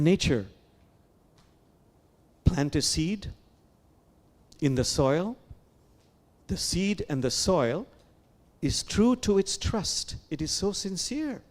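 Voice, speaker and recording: Animated male imam preaching. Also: a little high. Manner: animated, with repeated phrases and questions to the listeners. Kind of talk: sermon. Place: sanctuary.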